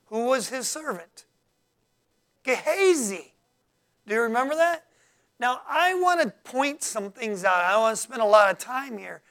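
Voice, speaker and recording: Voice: mid-range voice, very animated, fairly bright tone. A preacher teaching from the Bible in a sermon, reading verses aloud, explaining them, and calling out to the congregation for responses. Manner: halting, with many fillers and restarts.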